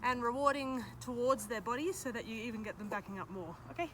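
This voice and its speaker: A woman's voice: fairly high pitch, fast talker, fairly bright tone. A woman teaching a dog trick in casual chat, breaking off to praise and cue her dogs. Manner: chatty, breaks off to praise dogs, beeping cues. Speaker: dog trainer. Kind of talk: casual instruction while training dogs. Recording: noisy outdoor recording.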